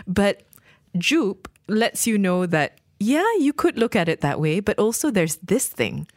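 A woman co-hosting a radio film review show, talking in a thoughtful, measured way with frequent ums. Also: medium pitch, very animated, dry recording, clean studio sound. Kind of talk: casual film review chat.

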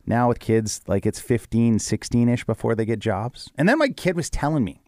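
A man's voice: animated, moderate pace, darkish tone, no room sound, clean studio sound. A middle-aged man from Canada in casual podcast chat, rambling and restarting as he recalls stories. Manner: rambling, restarts a lot, dips low when reflective. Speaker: podcast co-host.

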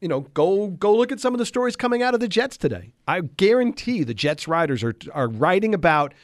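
A man hosting a sports radio show, chatting casually with animated, exasperated asides in a radio studio. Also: high voice, fairly quick, dry recording.

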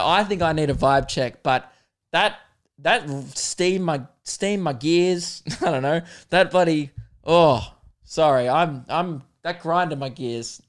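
Young Aussie male podcast host, casual profane rant, clear and bright in tone, self-mocking. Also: fairly high pitch. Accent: Australian.

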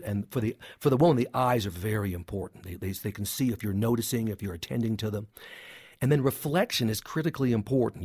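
A man's voice: mid-range voice, darkish tone, breathy edge, no echo, studio quality. A man who is a clinical psychologist, talking as a guest in an interview, making his points in short, emphatic sentences with some humor. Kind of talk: interview conversation.

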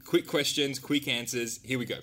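A male podcast host running a casual interview with friendly, playful rapid-fire questions. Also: mid-range voice, steady tone, pushed and bright.

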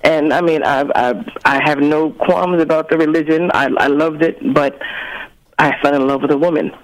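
Hesitant higher-voiced male caller. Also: fairly even intonation, moderate pace, low-quality recording. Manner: warm, hesitant, repeats words.

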